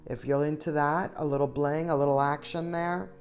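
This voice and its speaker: A woman's voice: low voice, steady tone, moderate pace, a little mellow. A middle-aged woman chatting enthusiastically to viewers as she shops, talking to them directly. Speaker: shopping vlogger. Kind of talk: casual shop-with-me voice-over.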